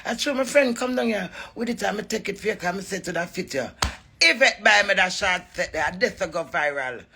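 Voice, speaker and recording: A woman with a Jamaican accent ranting at a rival to camera, brash, profane and mocking, breaking into sudden loud cries. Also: mid-range voice, animated, brisk, vocal fry, a little hiss or hum. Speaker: entertainer addressing a rival. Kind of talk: rambling taunting rant to camera.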